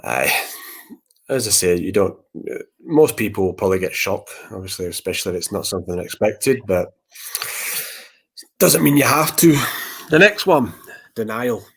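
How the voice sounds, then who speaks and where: This podcast host's low, gravelly, slightly rough voice carries a fairly bright tone, animated at a normal speed but broken by long pauses. Discussing grief casually, he rambles, repeats words, and acts out old conversations.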